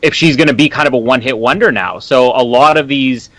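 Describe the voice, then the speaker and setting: Brief: male co-host, bright crisp tone, dry close sound, wry jokey banter. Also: medium pitch, quick pace, dry recording, poor audio. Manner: wry, joking. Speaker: podcast co-host. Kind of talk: casual sports chat.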